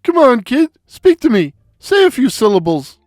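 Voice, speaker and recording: A man voicing a loud, goofy, stocky Brooklyn comic figure, childlike and bewildered, who bursts into squeaky falsetto and stammers. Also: sing-song, moderate pace, dry recording, studio quality. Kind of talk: audio story reading.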